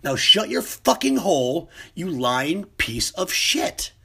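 A man acting out a furious reporter who snaps and shouts profanities at a liar. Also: a little high, very animated, slow, gravelly, slightly rough, pitched above the performer's own voice, heavily acted. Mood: enraged.

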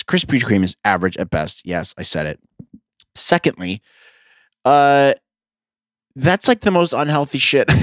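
Young man, podcast host, profane rambling rant, animated pitch, dry close sound. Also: no echo.

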